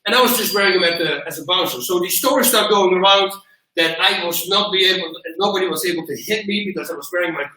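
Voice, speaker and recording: Animated man telling stories in an echoey gym. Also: high-pitched, fast. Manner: animated storyteller who acts out quotes loudly. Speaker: host and martial arts coach. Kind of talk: casual storytelling on a livestream. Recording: echoey gym, far from mic.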